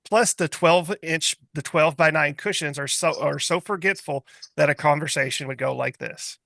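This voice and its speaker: A man's voice: fairly high pitch, normal speed, vocal fry, fairly bright tone, no room sound, clean studio sound. A man co-hosting a casual podcast, reading from his notes with jokes. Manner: reading notes aloud, joking. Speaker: podcast co-host. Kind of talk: casual panel chat.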